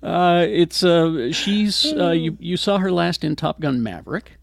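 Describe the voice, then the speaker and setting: Gravelly guy hosting a movie news podcast, lots of uhs, dry close mic. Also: fairly high pitch, unhurried, no room sound. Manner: reads news items with many fillers. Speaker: podcast host reading entertainment news. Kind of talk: casual chat.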